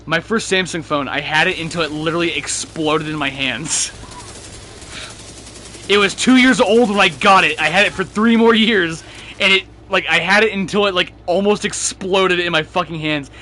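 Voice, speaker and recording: Bright-voiced young man telling profane stories. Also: high-pitched, moderate pace, a little hiss or hum. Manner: profane storytelling, laughs often. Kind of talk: casual gaming chat.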